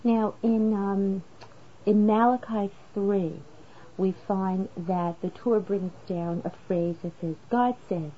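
A woman gives a religious lesson, walking through the text and raising rhetorical questions as she goes. Her voice sits at a middle pitch. The recording is slightly dull and lo-fi, with a faint hiss underneath. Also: steady tone, takes it slowly. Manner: explanatory, asks rhetorical questions. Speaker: Torah teacher.

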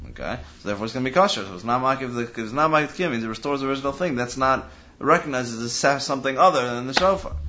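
A man's voice: on the high side, fairly bright tone. Man giving a lecture. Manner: analytical, restarts mid-phrase while reasoning aloud. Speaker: Talmud teacher. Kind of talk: Talmudic lecture. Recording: dull lo-fi recording with faint hiss.

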